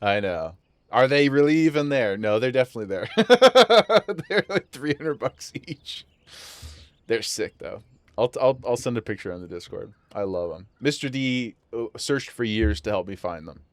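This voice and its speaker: Streamer, male, easygoing gameplay chatter from home, quick to laugh, reads in-game lines aloud. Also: mid-range voice, lively intonation, no echo. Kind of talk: casual live gameplay commentary.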